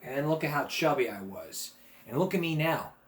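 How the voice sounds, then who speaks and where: A man's voice: fairly high pitch, expressive, moderate pace. A man hosting a casual comic vlog, rambling crudely and laughing at his own jokes. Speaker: vlog host. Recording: echoey room.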